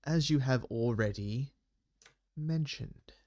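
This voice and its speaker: A man narrating as game master in a tabletop game, telling the scene slowly and hesitantly. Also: medium pitch, darkish tone.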